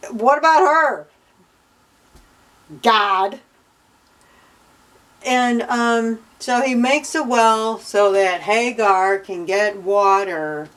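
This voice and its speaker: A woman's voice: mid-range voice, rough recording. A young woman vlogging about her Bible reading, retelling the stories in a casual, indignant and sarcastic way. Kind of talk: casual commentary.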